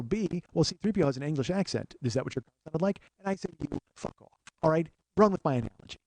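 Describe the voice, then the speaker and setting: A man hosting a comedy podcast, telling an exasperated, profane story that swings from low muttering to loud outbursts. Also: no room sound. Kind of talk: storytelling monologue.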